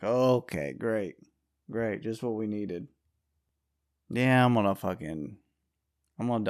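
A man's voice: lowish voice, a little mellow. Profane rambling man ranting solo. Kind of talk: solo rant monologue.

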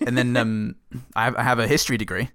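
A man's voice: medium pitch, level tone, quick pace, fairly bright tone, no room sound. Male co-host, sweary and jokey, dry close sound. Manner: sweary, joking, trails off. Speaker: podcast co-host. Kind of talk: casual chat.

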